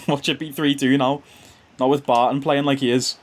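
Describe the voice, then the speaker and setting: A young man giving casual, slangy commentary over his own football video game, chuckling often and jumping to excited shouts when goals go in. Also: medium pitch, normal speed. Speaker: gaming YouTuber and streamer. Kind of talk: casual live gameplay commentary.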